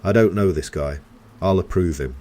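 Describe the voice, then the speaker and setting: A man doing a cold, eerily calm office boss. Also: sits low, slight background noise, lightly acted. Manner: flat, measured and unnervingly calm.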